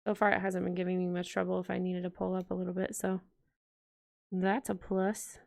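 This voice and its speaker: A woman's voice: on the low side, flat delivery, brisk, gravelly, darkish tone. A woman vlogger chatting casually to her viewers while decorating a planner, rambling and talking straight to the audience. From United States.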